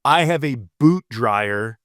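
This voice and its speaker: A man's voice: medium pitch, lively intonation, slow, fairly bright tone, no room sound, studio quality. A man co-hosting a podcast in easygoing banter, often repeating words as he searches for them. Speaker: podcast co-host. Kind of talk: casual banter.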